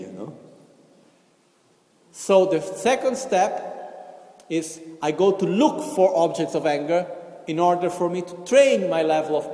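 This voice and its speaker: Man teaching in an echoey hall. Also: sits high. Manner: gentle, repeats "okay?" and "you know", acts out inner voices. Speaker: Buddhist teacher. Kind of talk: Buddhist teaching talk. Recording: echoey hall with long reverb.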